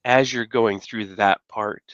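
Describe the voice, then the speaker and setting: Gentle, halting man host, dull dry sound. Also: lowish voice, steady tone, no room sound. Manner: gentle, halting, many fillers. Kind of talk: interview talk.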